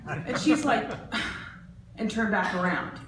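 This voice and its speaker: A woman in her forties doing a stand-up comedy set, animated and lively, jumping into loud, high voices for the people in her stories. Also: takes it slowly. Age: 40s. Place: art center stage. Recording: roomy, distant, faint background noise.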